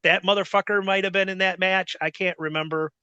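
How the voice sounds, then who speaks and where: A middle-aged man telling a story as a guest in a casual chat, profane and rambling, with animated retellings. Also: sits high, a little fast, clean tone, dry recording, muffled recording.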